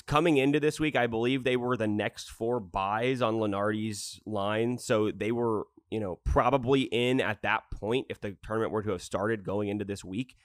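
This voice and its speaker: A man's voice: medium pitch, no echo. A man co-hosting a sports podcast, chatting loosely and laughing as he rambles through stories and picks. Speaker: podcast co-host. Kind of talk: casual sports podcast chat.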